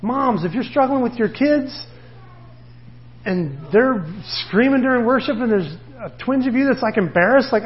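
A man's voice: extremely high pitch, lively intonation, unhurried, muffled recording. A middle-aged man preaching a sermon in an earnest, conversational way, slipping into the voices of the people he describes. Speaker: pastor.

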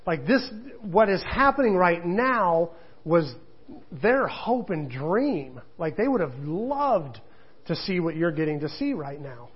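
Man, casual sermon, husky slightly high voice, joking storytelling, dull lo-fi sound. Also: sing-song, slow. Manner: conversational, self-deprecating storytelling with laughter. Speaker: pastor.

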